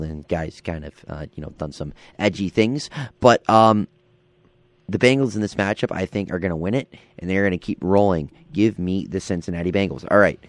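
A man's voice: sits low, dry recording. A man hosting a casual football picks show, upbeat and moving the segments along. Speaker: show host. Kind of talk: casual sports picks chat.

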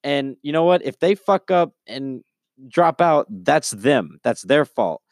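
A man's voice: mid-range voice, big pitch swings, slow pace, dry recording, studio quality. A young man co-hosting a podcast, lecturing his friends with emphatic, profane advice in casual chat. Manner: preachy, emphatic, lecturing with "okay?". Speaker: podcast co-host.

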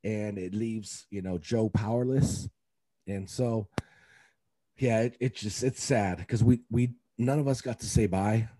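A man's voice: fairly low pitch, a little slow, warm tone, no room sound. A man, a youth coach, talking in a casual podcast chat, rambling and emotional with many fillers and restarts.

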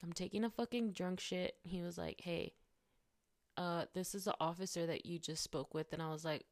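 A woman's voice: on the low side, fairly even intonation, normal speed, no echo, clean studio sound. A young woman podcast host telling a story casually, blunt and upset, swearing heavily and filling her talk with "like". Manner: filler-heavy talk with many likes.

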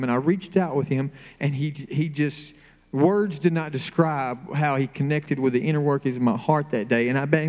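A man's voice: a little mellow, long reverb tail. A man sharing an emotional personal testimony at a church service, heartfelt and building in intensity. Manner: heartfelt, rising in pitch and intensity. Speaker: church member giving testimony.

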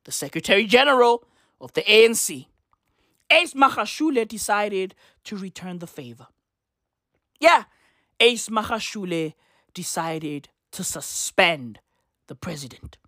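This comedic commentator, a man with a high voice and a South African accent, rants in an animated, exasperated way, full of slang and profanity. Frequent laughter punctuates the studio-quality recording, which has no room sound.

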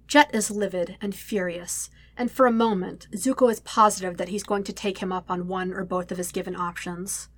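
A woman reading a fan story aloud in a quiet, steady narrating voice. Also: medium pitch, normal speed, hardly any pauses, no room sound. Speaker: podfic reader. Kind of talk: audiobook reading.

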